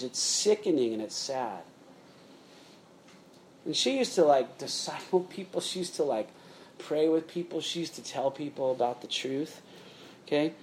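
Speaking with a somewhat high, slightly mellow voice, a middle-aged pastor gives a sermon in a relaxed, talky style. He keeps checking in with "okay?" and refers to his audience as "guys."

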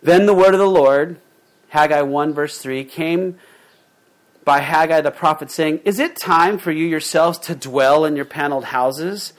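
A man's voice: on the high side, measured pace. A male pastor preaching a sermon in a conversational way, reading scripture and then retelling it in plain, casual words with fillers and restarts. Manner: reads scripture aloud, then paraphrases it informally.

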